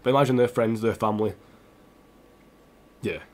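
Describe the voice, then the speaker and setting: A young man, a gaming streamer, talking earnestly and haltingly to his viewers while close to tears. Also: lowish voice. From England. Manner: earnest, halting, with restarts and repeated phrases. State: tearful, close to crying. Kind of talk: emotional personal address to stream viewers.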